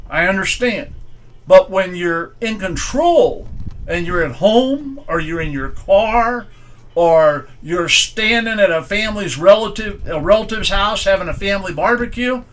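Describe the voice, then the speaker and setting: A pastor giving an informal, conversational sermon in plain, folksy speech, asking strings of rhetorical questions. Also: male voice, high voice, a bit bright. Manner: plain everyday grammar.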